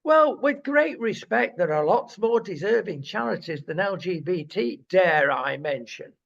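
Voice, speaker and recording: Guy being provocative in a chat, raspy gravel, lo-fi audio. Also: high voice, expressive, a little slow. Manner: forthright, provocative. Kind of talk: casual opinionated chat. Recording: dull lo-fi sound.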